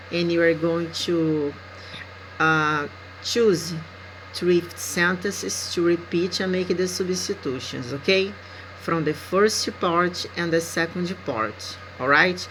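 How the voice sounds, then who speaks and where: A Brazilian woman with a fairly low voice gives an English lesson, speaking very slowly and deliberately. She often checks in with her students with an 'okay?'. A faint noise sits behind her voice. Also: a bit bright, low-quality recording. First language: Portuguese. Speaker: English teacher. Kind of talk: recorded language lesson.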